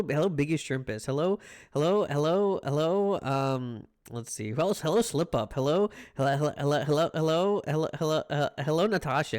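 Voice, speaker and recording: A man chatting casually on a live stream, playful and rambling, greeting his chat over and over. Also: a little high.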